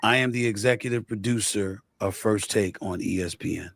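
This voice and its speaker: A man giving measured spoken commentary, deliberate and weighing both sides of a case. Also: on the low side, vocal fry, fairly bright tone, no echo. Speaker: sports show producer.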